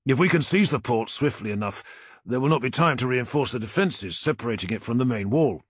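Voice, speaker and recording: A man's voice: mid-range voice, lively intonation, a little fast, slightly rough, no room sound. A man doing a tense, determined armored officer. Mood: urgent. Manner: urgent, pressing.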